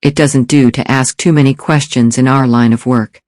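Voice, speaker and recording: A man's voice: mid-range voice, steady tone, normal speed, a little mellow, no echo, studio quality, natural voice. A man voicing a cold, polite male assassin with an English accent, slightly nasal, formal and fearless. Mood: cool. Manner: formal, fearless, says "sir".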